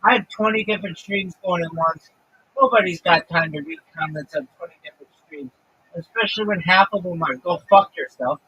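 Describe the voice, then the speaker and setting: A man's voice: sits high, fairly quick, pushed and bright, a little hiss or hum, rough recording. A man talking casually on his livestream, ranting and swearing freely. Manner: profane, ranting.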